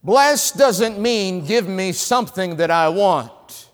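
A North Carolina evangelist with a Southern US accent preaches a sermon, weaving in stories and swinging from loud lines to hushed ones. His high voice is expressive and slow, with a big-room sound.

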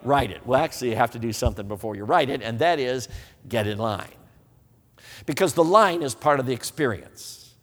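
A man's voice: mid-range voice, brisk. A man preaching a humorous, folksy sermon, telling stories and often asking the audience whether they know what he means. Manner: folksy, animated, asks the audience. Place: church hall. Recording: reverberant hall.

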